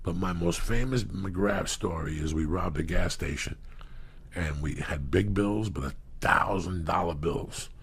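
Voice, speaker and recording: An unhurried middle-aged man from New Jersey, here as a storyteller guest, tells profane tales in a casual setting. His voice is deep and gravelly, and he brings the stories to life by acting out whoever he's quoting.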